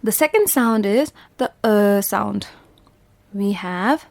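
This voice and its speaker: Woman from Bhutan, phonics teacher for small children, very slow, patient, sounds out letters, dry close sound. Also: medium pitch, creaky, a little mellow, no echo. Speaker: primary school English teacher. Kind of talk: phonics lesson for young children.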